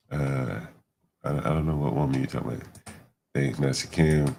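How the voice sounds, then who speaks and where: Male stream host, very low voice, rambling and profane. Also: lively intonation, normal speed, vocal fry, a little mellow, slightly rough. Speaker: livestream host. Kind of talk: casual livestream talk.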